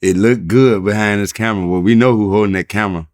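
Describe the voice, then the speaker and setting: A rapper from Chicago talking bluntly and profanely in a casual interview, telling stories with laughs. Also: male voice, fairly low pitch, steady tone, fast talker, a little mellow, dry recording, studio quality.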